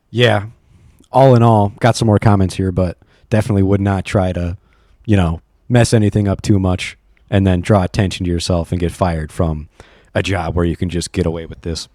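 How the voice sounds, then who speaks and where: A man's voice: low-pitched, moderate pace, long pauses, darkish tone, no room sound, clean studio sound. A young man reading online stories aloud while driving, rambling, swearing and laughing often.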